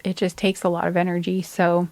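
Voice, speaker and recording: A tired woman giving a relaxed tarot card reading, soft-spoken and rambling, trailing off with fillers. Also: lowish voice, brisk, no room sound. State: tired and sleepy.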